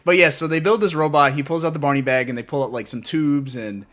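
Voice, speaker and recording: A man's voice: on the high side, fast talker, fairly bright tone. A man co-hosting a podcast in casual chat, laughing often and restarting his sentences. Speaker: podcast co-host.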